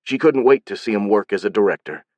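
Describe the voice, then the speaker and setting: A man reading an audiobook in a steady, even scripted narration. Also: lowish voice, fast, dry recording, lo-fi sound.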